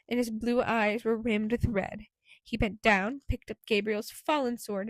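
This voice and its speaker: A woman's voice: on the high side, no room sound. Woman narrating an audiobook, dry close sound.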